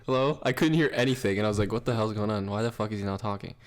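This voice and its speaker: A man's voice: fairly low pitch, fairly even intonation, very fast. Laughing young man telling a crude story. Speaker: podcast co-host. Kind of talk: casual chat.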